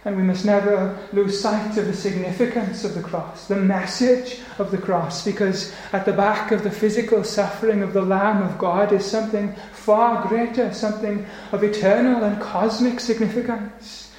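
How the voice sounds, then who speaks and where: A male preacher delivering a solemn, emphatic sermon, slowing down on key phrases. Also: high-pitched, steady tone, darkish tone, slight background noise. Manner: solemn, emphatic, slows for weight. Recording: very echoey church hall.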